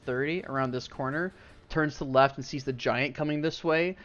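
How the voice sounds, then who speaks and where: A man's voice: medium pitch, a little fast, a bit bright, faint music behind. A man narrating a tabletop game as game master, with loose narration full of "like" and "um". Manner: loose, filler-heavy narration. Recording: dull lo-fi stream audio.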